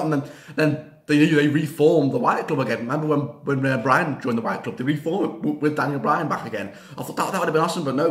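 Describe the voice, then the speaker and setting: Man, slightly high voice, rambling excitable vlog chat, echoey room. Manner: excitable, rambling, frequent fillers and repeats, bursts of cheering. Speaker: wrestling reaction vlogger. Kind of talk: excited casual reaction chat.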